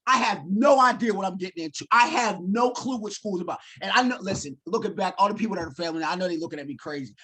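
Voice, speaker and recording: A man's voice: high voice, fast, few pauses. A man in his forties, telling his life story in a keynote talk and acting out his own lines. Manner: animated storyteller, acts out his own quotes. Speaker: keynote speaker.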